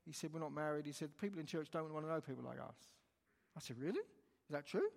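A man's voice: a little high, animated, fast, gravelly. A man preaching a sermon, telling a story animatedly and retelling the dialogue line by line. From England. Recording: long hall reverb.

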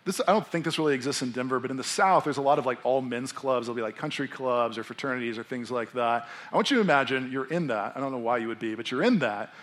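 A man's voice: mid-range voice, fast talker, hardly any pauses. A young adult man, a pastor preaching a sermon in a casual, conversational way, acting out the people in his story. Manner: animated, conversational, acts out characters.

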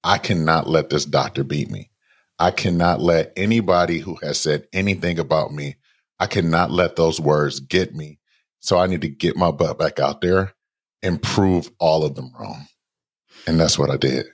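A man's voice: a bass voice, moderate pace, slightly rough. A man in his thirties, a guest author, animatedly telling a personal story in conversation and acting out the voices in his head. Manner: animated storyteller who acts out inner voices.

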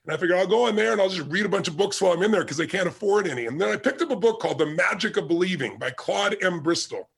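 A man's voice: high voice, expressive, rapid-fire, hardly any pauses. A man giving a motivational talk with personal stories, emphatic and driving, repeating his key points. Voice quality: gravelly, husky. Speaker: motivational speaker.

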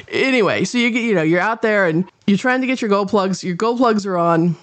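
A middle-aged woman rambles through a casual monologue in a folksy, meandering way. Her pitch sits in the middle and drifts up and down as she talks. The recording is dry and close, with no room sound. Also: fairly quick, few pauses, no echo. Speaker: podcast host and kennel owner.

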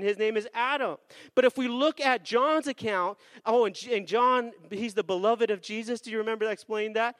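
A man preaching a sermon as pastor, energetic with call-and-response and slowing down for emphasis. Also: extremely high pitch, dry recording. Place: church sanctuary.

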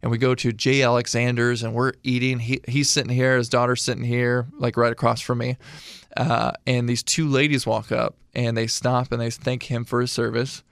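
A man's voice: medium pitch, flat delivery, moderate pace, vocal fry, fairly bright tone, dry recording, clean studio sound. A man in his thirties from Illinois, a veteran telling a long story in an interview with a casual, rambling way of talking. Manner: casual, rambling storyteller with many fillers and restarts. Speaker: guest, veteran.

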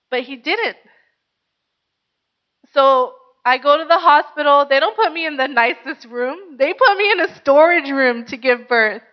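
High-voiced woman preacher giving testimony. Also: highs cut off. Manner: earnest, conversational, frequent "like". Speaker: pastor. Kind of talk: personal testimony sermon.

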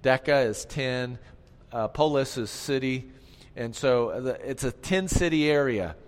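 A man preaching a sermon as pastor, moving between quiet, hushed passages and loud, emphatic ones, repeating key phrases and calling on the congregation to answer. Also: mid-range voice, animated, a little slow. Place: church sanctuary. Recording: long hall reverb.

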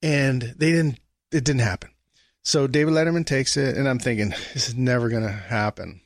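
A man's voice: mid-range voice, normal speed, no echo, studio quality. A man as a guest, telling a story in a casual conversation and acting out the people he quotes. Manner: animated anecdote-telling, acts out quoted dialogue.

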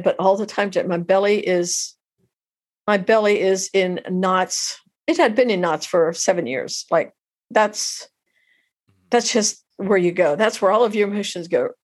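A middle-aged woman tells an emotional personal story as an interview guest, halting and heartfelt, often restarting her sentences. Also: medium pitch, slightly rough.

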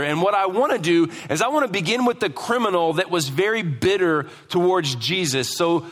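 A man's voice: sits high, a bit bright. A man preaching a sermon as pastor, emphatic and asking the congregation questions, in a church hall. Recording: long hall reverb.

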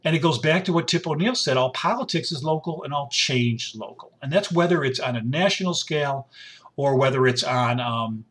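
A man's voice: mid-range voice, a little fast, fairly bright tone. Blunt rambling man talking politics. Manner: blunt, rambling, repeats himself. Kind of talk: casual solo commentary.

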